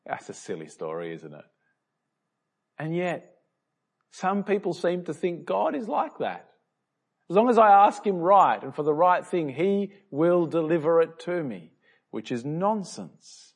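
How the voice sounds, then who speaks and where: Casting: an Aussie pastor, husky, storytelling sermon. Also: male voice, on the high side, very animated, takes it slowly, pauses often. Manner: conversational storyteller with a joking aside.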